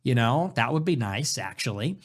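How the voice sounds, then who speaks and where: A man hosting his own show in a casual monologue, animated and sarcastic, jumping between loud bursts and low mutters. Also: moderate pace. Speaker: show host.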